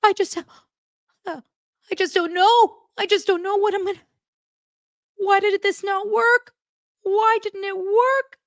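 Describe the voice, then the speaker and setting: A woman mockingly imitating a weepy grown man, whining in a high-pitched voice. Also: fairly even intonation, slow pace, long pauses, no echo, clean studio sound, heavily acted.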